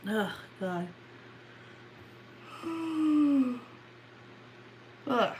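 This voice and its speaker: A woman's voice: high-pitched, expressive, very slow, darkish tone, a little hiss or hum, poor audio. A woman in her thirties chatting casually at home while she works on a craft, frank and sweary, sighing and laughing often. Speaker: vlogger. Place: home, at a table.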